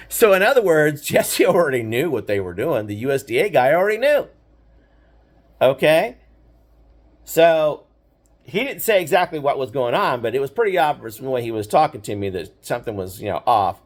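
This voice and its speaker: A man's voice: mid-range voice, sing-song, moderate pace. An older man telling a story from his own life in a casual, rambling way, indignant at times and full of fillers and restarts. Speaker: storyteller recounting his past.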